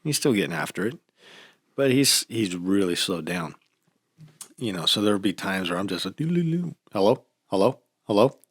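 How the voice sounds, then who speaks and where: A man casually chatting on a podcast, telling stories with lively acted-out quotes. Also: deep voice, normal speed, long pauses, breathy edge, no room sound, clean studio sound. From United States. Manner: animated storytelling, acts out quotes. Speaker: podcast host. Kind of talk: casual chat.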